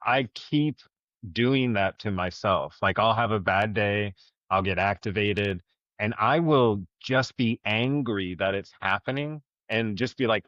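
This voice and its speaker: Low-voiced reflective man, slightly dull audio. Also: measured pace, a bit bright, dry recording. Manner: open, reflective, speaks about personal struggles. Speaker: podcast co-host. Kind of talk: candid conversation.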